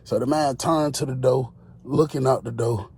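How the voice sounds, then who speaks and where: A man telling a prison story in a casual, slangy, animated way. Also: medium pitch, moderate pace, slightly rough. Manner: animated, slangy, acts out quotes.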